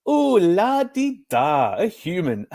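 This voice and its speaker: A man's voice: fairly high pitch, very animated, normal speed, darkish tone. A man voicing a cheeky, joking male pillow lion in a storybook reading. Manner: playful, joking.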